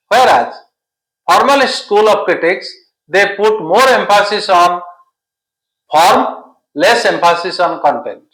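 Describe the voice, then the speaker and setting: A man's voice: sits high, a bit bright, roomy sound, rough recording. A man teaching literature for an exam-prep lesson, explaining patiently and stringing synonyms together. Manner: repetitive, listing synonyms, explanatory.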